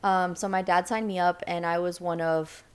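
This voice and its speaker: A woman's voice: normal speed, smooth. A young woman from Seattle, a podcast guest, telling a story in a casual chat, acting out the people she quotes. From Seattle, United States. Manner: animated storyteller, acts out quoted voices with sudden high pitch.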